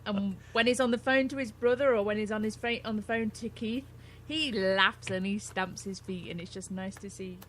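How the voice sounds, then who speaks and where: A woman's voice: mid-range voice, moderate pace, fairly bright tone, slight background noise. A woman co-hosting a casual radio show, chatty and affectionate, with some teasing. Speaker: radio co-host.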